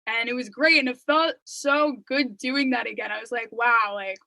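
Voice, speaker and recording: A woman's voice: on the high side, normal speed, gravelly, sharp tone, no echo, low-quality recording. A young woman telling her story as an interview guest, chatty and full of "like" and "you know.". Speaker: interview guest, singer-songwriter. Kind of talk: casual interview chat.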